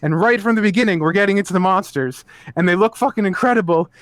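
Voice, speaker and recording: A man co-hosting a casual podcast, ranting with animated, profane energy. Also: high voice, fast talker, no echo. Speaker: podcast co-host.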